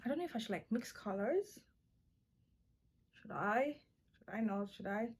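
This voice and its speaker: A young woman chatting through a makeup tutorial in a playful way, often breaking into excited exclamations. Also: medium pitch, normal speed, husky. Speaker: beauty vlogger.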